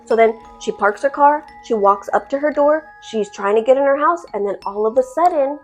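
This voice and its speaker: Woman storyteller, higher voice, swears a lot, dramatic horror storytime, soft music under. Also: animated, moderate pace. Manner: profane, dramatic, chatty.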